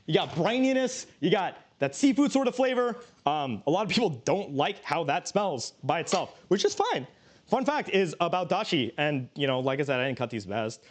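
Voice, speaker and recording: Male streamer, casual cooking chat, rambles and jokes, slightly high voice. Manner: rambling, joking, many restarts.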